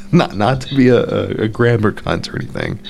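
A man's voice: on the low side, lively intonation, moderate pace, creaky, a little mellow, slight background noise. A man hosting a podcast, giving blunt, profane, sarcastic commentary on an article he reads aloud, stumbling over restarts when worked up. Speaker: podcast host.

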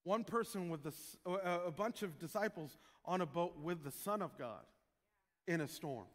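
A man preaching a sermon as pastor, joking with his congregation and breaking into loud shouted prayers. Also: high-pitched, expressive, normal speed, big-room sound.

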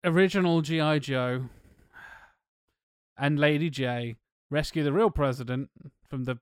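A man's voice: a little high, measured pace, smooth, no echo, clean studio sound. A man co-hosting a casual film podcast, recapping the plot with sweary, sarcastic asides. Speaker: podcast co-host.

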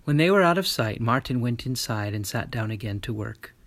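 A man reads a storybook tale aloud, his voice husky with a touch of breath. He tells it in a gentle, measured way. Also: mid-range voice, expressive. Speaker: narrator. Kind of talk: storybook narration.

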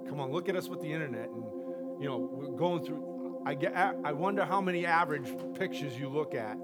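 A man's voice: a little high, a little fast, over loud music. Passionate charismatic male preacher. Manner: passionate, swings from loud exhortation to soft asides, laughs often. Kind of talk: charismatic sermon. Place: church sanctuary.

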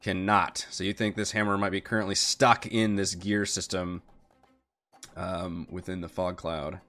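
A man's voice: sits low, level tone, unhurried, a bit bright, soft background music. A man running a tabletop game as game master, joking and swearing with his players. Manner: jokey, swears, laughs often.

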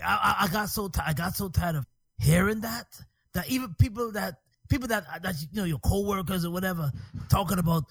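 Gravelly, husky male co-host, quick to react and agree. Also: sits high, no echo. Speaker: podcast co-host. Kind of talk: casual chat.

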